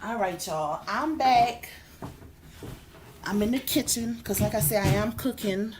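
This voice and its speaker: A woman hosting a casual livestream from her kitchen, talking to her viewers in a sassy, animated way. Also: medium pitch, measured pace, background noise. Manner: sassy, animated, calls viewers "baby" and "y'all". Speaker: livestream host. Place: home kitchen.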